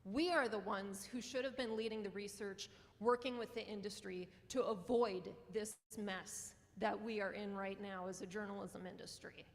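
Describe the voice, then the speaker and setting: In a mid-range, steady voice at normal speed with hardly any pauses, a woman with a North Dakota accent addresses a conference from a lecture hall, where a long reverb tail follows her. A journalism professor and newspaper publisher from Western North Dakota, she is earnest and impassioned, with little laughs.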